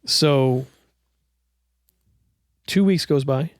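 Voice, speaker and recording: A man's voice: mid-range voice, drawn-out words, no room sound, studio quality. A man, a coffee roaster and cafe owner, telling stories as a podcast guest and acting out what people said. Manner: animated storyteller who acts out quotes. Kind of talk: casual podcast storytelling.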